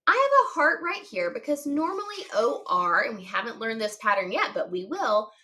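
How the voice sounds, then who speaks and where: A woman teaching a phonics reading lesson to children, patient and encouraging, spelling words out slowly letter by letter and giving cheerful praise. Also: a little high, sing-song, sharp tone.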